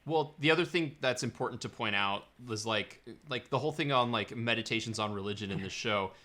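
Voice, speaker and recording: A man's voice: lowish voice, a little fast, pushed and bright. A man co-hosting a podcast, chatting casually about a series and often repeating words as he searches for what to say. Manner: rambling, repeats words while searching for them. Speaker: podcast co-host. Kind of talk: casual film discussion.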